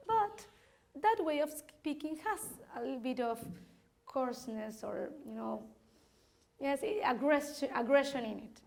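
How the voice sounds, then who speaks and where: A woman's voice: sits high, measured pace, gravelly, a little mellow. A woman from Argentina, speaking candidly to parents in a workshop, laughing often and restarting her sentences. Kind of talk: informal talk to parents.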